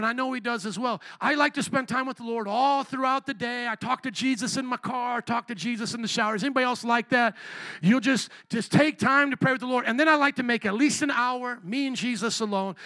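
A male pastor preaching a sermon, telling stories in an animated way and acting out quotes. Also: extremely high pitch, no room sound. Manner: animated storytelling, acts out quotes.

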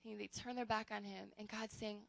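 A young woman giving a casual, earnest sermon, calling her listeners "guys" and speaking with animated conviction. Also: medium pitch, a little fast, gravelly, no echo. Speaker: youth preacher.

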